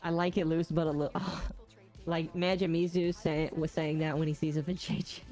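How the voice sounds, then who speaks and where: A woman's voice: low voice, level tone, moderate pace, dark tone, faint music behind. A woman hosting a game stream, chatting casually and teasing her guests with frequent giggles. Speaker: streamer host. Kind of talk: casual chat while gaming.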